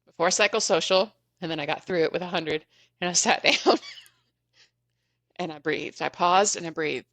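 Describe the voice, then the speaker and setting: A woman podcast guest telling a story in an animated, chatty way, often laughing as she goes. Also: fairly low pitch, moderate pace, long pauses, no room sound. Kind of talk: casual storytelling.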